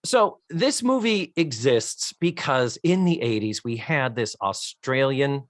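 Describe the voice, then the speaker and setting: A man's voice: medium pitch, expressive, slow, no room sound. A wry, talkative man in middle age hosts a podcast, mixing loose chat with a read-out synopsis. His voice sits in an ordinary middle register, and it is recorded close and dry with no room sound. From United States. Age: middle-aged. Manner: wry, chatty, swears offhandedly. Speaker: podcast host. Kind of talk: casual chat and reading a synopsis.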